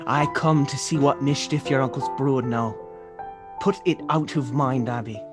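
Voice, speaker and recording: A man's voice: medium pitch, normal speed, over music, natural voice. A man playing a stern adult farmer in a comic reading of a period stage drama, speaking in grave, archaic phrasing.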